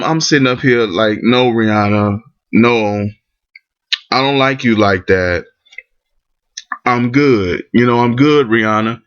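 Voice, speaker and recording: A man's voice: medium pitch, sharp tone. A man ranting in commentary, blunt and profane, restarting his sentences often. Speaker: vlogger. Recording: dull lo-fi recording.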